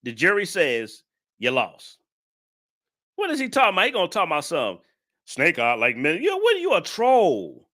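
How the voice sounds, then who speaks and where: Guy hosting a live reaction stream, super bright voice, goes up and down a lot, teasing his chat. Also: fairly high pitch, wildly swooping pitch, moderate pace. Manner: mocking, laughs often, talks to chat.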